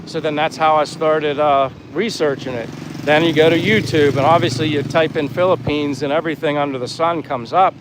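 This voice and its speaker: A man's voice: a little high, steady tone, fairly quick. A man in his fifties from Pennsylvania, chatting casually on a live stream while walking by the sea, rambling and friendly as he reads out viewer comments. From Pennsylvania, USA. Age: 50s. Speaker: vlogger, live-stream host. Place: outdoors by the sea in a town. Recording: faint outdoor noise, wind on mic. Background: breeze and faint street and boat sounds.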